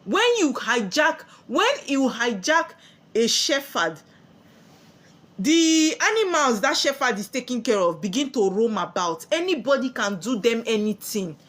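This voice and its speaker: Animated Nigerian woman preaching. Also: fairly high pitch, measured pace. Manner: preachy, asks rhetorical questions and answers them. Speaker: spiritual teacher. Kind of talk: spiritual sermon to camera.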